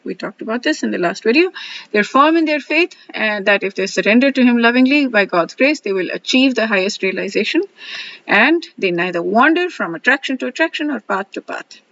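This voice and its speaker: A woman's voice: on the high side, lively intonation, brisk, a bit bright. Casual woman host, verse commentary, chatty with fillers, dull lo-fi recording. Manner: chatty, reads quotes, frequent fillers and laughs. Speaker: scripture study host.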